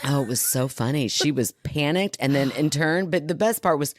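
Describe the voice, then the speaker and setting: Expressive woman co-host, lower voice. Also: normal speed, no room sound, clean studio sound. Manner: expressive, laughs often, reacts with exclamations. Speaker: podcast co-host. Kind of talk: casual chat.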